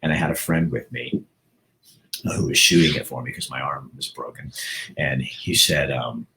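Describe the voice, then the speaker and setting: Man, very low voice, middle-aged, earnest rambling monologue, many restarts. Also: normal speed, vocal fry, bright, forceful tone, a little hiss or hum, rough recording. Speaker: host. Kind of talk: casual monologue.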